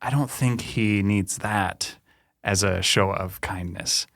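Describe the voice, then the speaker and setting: A man's voice: on the low side, takes it slowly, gravelly, fairly bright tone. A man playing a tabletop game, speaking in character in an affable, rambling way with lots of fillers. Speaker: player.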